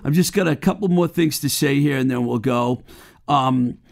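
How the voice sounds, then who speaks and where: A man hosts a podcast in an easygoing, friendly manner, closing out the show. His mid-pitched voice carries a gravelly edge. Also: normal speed. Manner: easygoing, wraps up and plugs sponsors. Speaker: podcast host. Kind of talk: casual chat.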